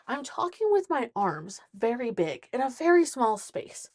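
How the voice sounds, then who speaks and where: A woman hosts her own podcast while standing in a small closet, her voice a little higher than most. She talks in an excitable, rambling way, stumbling over restarts as her thoughts run ahead of her. The sound is close and dry, with no room echo. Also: moderate pace. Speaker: podcast host. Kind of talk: solo podcast monologue.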